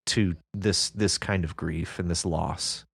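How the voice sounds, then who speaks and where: A man co-hosting a podcast, talking through a story in a thoughtful, measured way. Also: low voice, fairly even intonation, creaky, a bit bright, husky. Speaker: podcast co-host. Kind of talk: casual discussion of a story.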